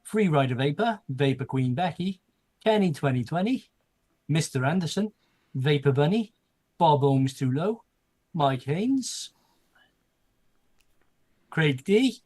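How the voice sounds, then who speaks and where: A man with a slightly high voice co-hosts a casual livestream. He works through a long list of names at a steady clip. He drops the odd wry aside while he reads. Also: slow, pauses often. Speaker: co-host reading out chat.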